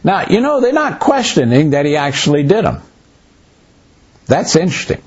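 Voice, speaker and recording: A man's voice: fairly high pitch, very animated, moderate pace, breathy edge. A man leading a conversational Bible study, telling stories animatedly and acting out bits of dialogue, with loose restarts as he talks. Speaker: pastor or Bible teacher. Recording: muffled lo-fi recording.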